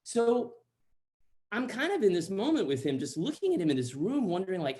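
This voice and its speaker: Man, from central Texas, comic storyteller, animated, chatty, video call. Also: sits high, normal speed. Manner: animated, chatty, many likes and asides.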